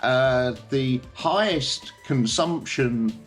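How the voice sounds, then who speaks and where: A man's voice: medium pitch, drawn-out words, soft background music. A man with a British accent hosting a casual explainer, talking in a chatty way and often checking in with the listener. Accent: British English. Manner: chatty, checks in with tag questions like okay and yeah. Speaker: host.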